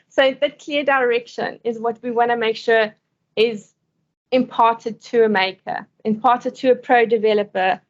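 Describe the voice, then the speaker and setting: A woman's voice: a little high, a little slow, highs cut off. A woman giving a conference talk and answering questions, speaking conversationally and laughing often between points.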